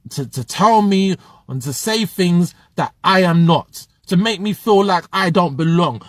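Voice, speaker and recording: High-voiced passionate motivational man. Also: no echo, studio quality. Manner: passionate, preachy, reads viewer comments aloud. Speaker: motivational live streamer. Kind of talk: motivational livestream talk.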